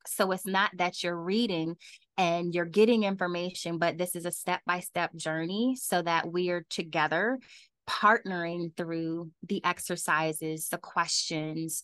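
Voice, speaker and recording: A woman author answering podcast interview questions, talking animatedly and laughing often, her voice leaping up when she gets excited. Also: on the low side, dry recording. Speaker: author and guest.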